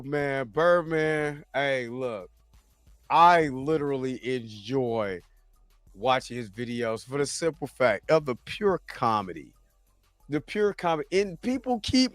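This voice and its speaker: A man's voice: mid-range voice, lively intonation, takes it slowly, no echo, soft background music. A man hosting a reaction video, laughing often and repeating himself in casual chat.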